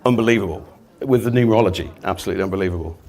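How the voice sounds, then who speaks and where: A man's voice: lowish voice, very fast, a little mellow. An English man in his fifties, telling rambling, jokey stories to an audience and swearing freely. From England. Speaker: speaker. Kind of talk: casual storytelling talk.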